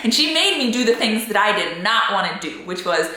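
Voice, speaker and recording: A woman's voice: mid-range voice, sing-song, fairly quick, sharp tone, heavy reverb. A young woman vlogger telling a personal story to camera, candid and chatty with lots of "like" fillers.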